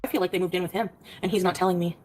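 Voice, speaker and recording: A woman on a casual livestream, rapidly recounting a quarrel by reading out her text messages. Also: lowish voice, steady tone, darkish tone, slight background noise, poor audio.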